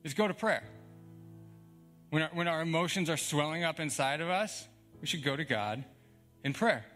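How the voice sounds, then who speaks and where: Young male pastor, casual emphatic sermon delivery, slightly high voice, soft music bed. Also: normal speed. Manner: conversational, emphatic, frequent "like" and chuckles.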